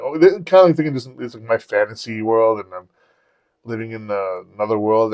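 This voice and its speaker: In a dry, dull lo-fi recording, a man with a voice on the low side hosts a podcast. Chatting casually and animatedly, he tells profane stories and performs the dialogue himself.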